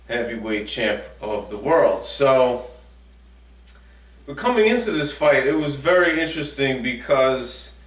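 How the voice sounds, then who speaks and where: A man's voice: mid-range voice, fairly bright tone. Chatty man recapping boxing, echoey room. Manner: chatty and jokey, with many fillers. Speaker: boxing vlogger. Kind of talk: casual sports recap. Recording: echoey room, mic at a distance.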